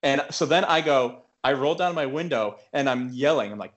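A man's voice: mid-range voice, animated, normal speed, lo-fi sound. Rambling young man telling a story. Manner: rambling, lots of filler likes and restarts. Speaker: podcast co-host. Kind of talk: casual storytelling chat.

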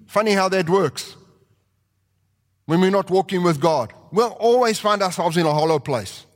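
A man preaching a sermon with animated delivery, acting out quotes and rising to shouts. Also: high voice, normal speed. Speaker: pastor. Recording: long reverb of a large hall.

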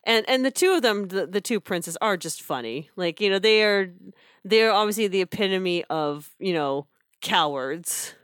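A woman's voice: mid-range voice, expressive, normal speed, clean tone, no echo, studio quality. A woman co-hosting a casual podcast chat, chatty, with frequent laughs and restarts. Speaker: podcast co-host reviewing theater.

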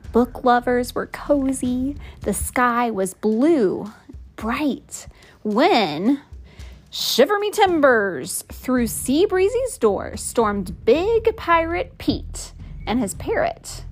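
Woman reading a picture book aloud, high, sing-song, slow delivery. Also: a little hiss or hum. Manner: expressive storytelling.

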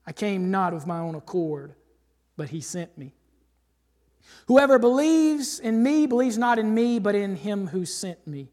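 A male pastor preaching a sermon and reading scripture aloud, emphatic, swinging from loud declarations to hushed asides. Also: sits high. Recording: long hall reverb.

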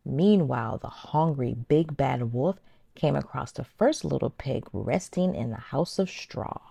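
Gravelly-voiced woman reading to toddlers. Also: rumbling low, expressive, unhurried, dark tone, no echo. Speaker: children's circle time host. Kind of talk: storybook read-aloud for toddlers.

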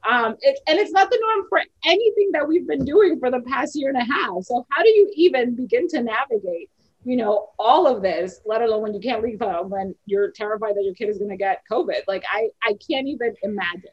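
A woman in her thirties hosting a casual talk, sharing frank stories as a mother, animated and quick to laugh. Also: a little high, breathy edge, highs cut off. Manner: candid, animated storyteller who laughs easily. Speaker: host. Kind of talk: casual podcast chat.

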